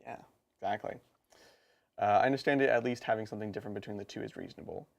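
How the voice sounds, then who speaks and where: A man co-hosting a live stream, chatting casually and quickly about tabletop game rules, with laughs and quick asides. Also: lowish voice, vocal fry. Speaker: co-host of a tabletop gaming stream.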